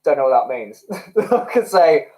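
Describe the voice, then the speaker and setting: A young man hosts a livestream, chatting casually and reading out viewer comments. His mid-range voice is dark in tone and swings widely in pitch as he rambles expressively at an unhurried pace. The audio quality is poor.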